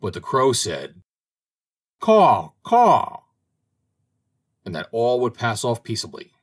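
A man reading a fairy tale aloud as an audiobook narrator, in an expressive, dramatic way. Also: medium pitch, moderate pace. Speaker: audiobook reader. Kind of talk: storybook narration.

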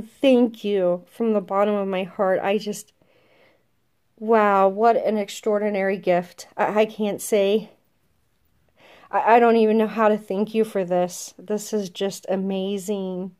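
A woman chatting casually to her viewers as she opens a gift box, soft-spoken and gushing, often stammering with excitement. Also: mid-range voice, a little slow. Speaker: vlogger opening a gift box. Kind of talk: casual unboxing chat to camera.

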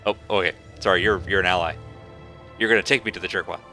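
Chatty, bright-voiced gaming streamer man. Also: sits low, steady tone, quick pace, faint music behind. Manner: joking, chatty, talks to characters. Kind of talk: casual let's-play commentary.

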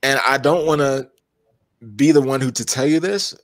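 A man's voice: mid-range voice, moderate pace, no echo. Rambling man telling stories, dry sound. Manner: rambling storyteller with many fillers and restarts. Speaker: energy healer, interview guest. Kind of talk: relaxed conversational interview.

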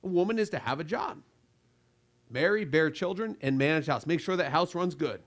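A man preaching a sermon from the pulpit, his voice sitting noticeably high for a man. He presses his points with emphatic rebukes and sudden quiet drops. He slips into the voices of the people he describes. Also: animated, fairly quick. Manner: emphatic preaching with swings between loud and quiet; acts out quoted voices of listeners. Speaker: pastor.

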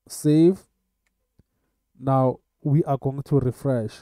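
A man teaching web coding in a screen-recorded tutorial, talking in a halting way with many filler sounds. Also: medium pitch, fairly even intonation, warm tone, no echo. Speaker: coding instructor.

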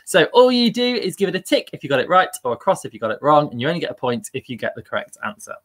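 A man's voice: on the high side, big pitch swings, racing, fairly bright tone. Give me a chatty, upbeat man hosting a live online quiz. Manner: upbeat and chatty, laughing at himself. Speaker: quiz host.

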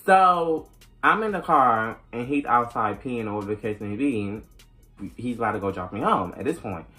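A woman's voice: rumbling low, normal speed, soft background music. Young woman telling a profane storytime. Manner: animated, profane, acts out quoted dialogue. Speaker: vlogger. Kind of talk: casual storytime.

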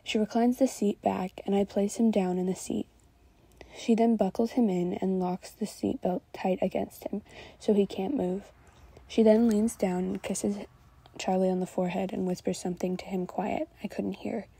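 A woman reading fan fiction aloud into a new microphone, steady with small slips. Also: medium pitch, moderate pace, vocal fry, breathy edge, no room sound. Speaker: fanfiction reader.

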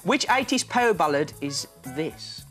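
A man's voice: a little high, big pitch swings, a little slow, a bit bright, soft background music. A young man co-hosting a casual chat, playful and mock dramatic, drawing out some words. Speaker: co-host.

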